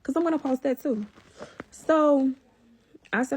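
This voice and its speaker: A young woman telling a personal story in a casual vlog, animated and profane, talking straight to her viewers. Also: sits high, measured pace, pauses often.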